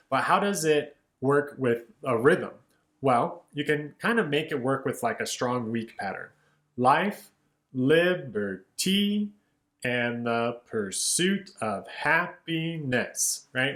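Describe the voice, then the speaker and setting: A man's voice: medium pitch, echoey room. Male music teacher, casual and explanatory, mid-range voice, speaks lyrics in rhythm. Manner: relaxed, explanatory, says "right?" and "kind of" often, speaks lyrics in rhythm. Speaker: music educator.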